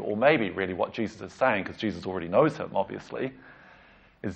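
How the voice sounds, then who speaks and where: A man, a pastor, preaching a conversational sermon and retelling a story with lively emphasis and casual asides. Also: fairly low pitch, brisk, gravelly, husky. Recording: slightly dull lo-fi recording.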